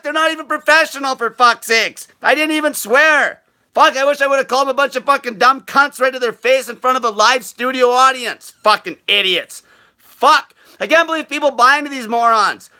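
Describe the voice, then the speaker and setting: A man hosting his own diet channel, ranting furiously with constant swearing and mocking others in a slow sneering voice. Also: very high voice. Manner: profane, shouting, furious. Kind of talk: angry vlog rant.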